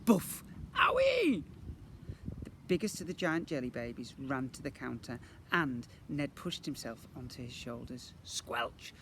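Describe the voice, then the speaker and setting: A man, a primary school teacher, reading a children's book aloud in an expressive way. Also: medium pitch, normal speed, gravelly, slight background noise. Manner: animated, expressive storyteller.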